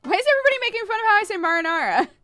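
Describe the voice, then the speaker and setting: A young woman streaming a game in casual chat, animated, laughing often and swearing freely. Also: very high voice, rapid-fire, faint music behind. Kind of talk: casual live-stream chat while gaming.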